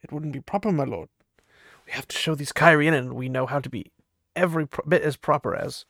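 A man reads a deferential manservant who stays stiffly formal in every line. His voice sits a little higher than his usual and keeps a gravelly fry, recorded close and dry. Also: fairly quick, a bit bright, dry recording. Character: stiff, deferential male servant, overly formal.

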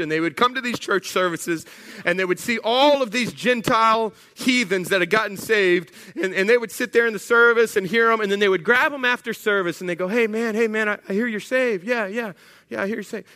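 A man preaching a sermon as pastor, telling stories with humorous asides. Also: high-pitched. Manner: animated storytelling, humorous asides. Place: church sanctuary. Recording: echoey church hall.

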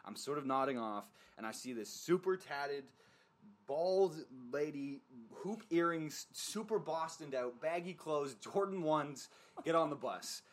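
A man's voice: fairly high pitch, expressive, a little slow. A young man in casual podcast chat, telling a story with lots of fillers and swearing. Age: young adult. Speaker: podcast co-host.

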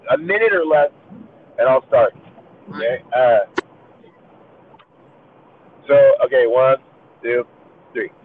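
A man in casual chat, rambling and joking with lots of fillers. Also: medium pitch. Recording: tinny phone line with faint hiss.

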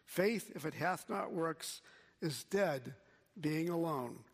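A man preaching a sermon as pastor, slow and measured, quoting scripture. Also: on the high side, animated, gravelly, breathy edge, in a large hall.

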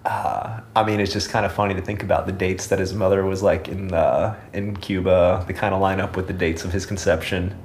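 A man's voice: sits low, level tone, fairly quick, hardly any pauses, slight background noise. An American man in casual podcast chat, opinionated and ranting, swearing freely. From United States.

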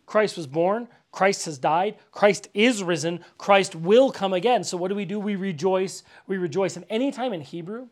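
A man's voice: sits high, normal speed, hardly any pauses. A man giving a casual sermon as pastor, conversational and full of "like" fillers, stressing words with repetition. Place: church gathering.

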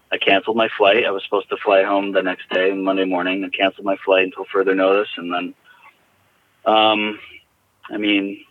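A man recounting a personal story in a halting, reflective way, heard over a tinny phone line. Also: deep voice, dry recording. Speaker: guest.

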